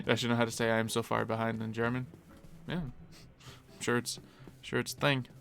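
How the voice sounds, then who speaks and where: A man's voice: mid-range voice, steady tone, normal speed, vocal fry, fairly bright tone, soft background music. A man streaming a game live, chatting casually and answering viewers as he plays. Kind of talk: casual live-stream chat while gaming.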